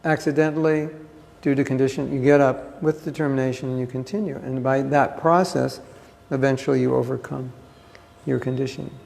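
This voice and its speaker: A man's voice: mid-range voice, fairly even intonation, a little fast, vocal fry, a little mellow, in a large hall. A man giving a scripture class, reading a passage aloud and then explaining it with emphatic asides, recorded on a phone.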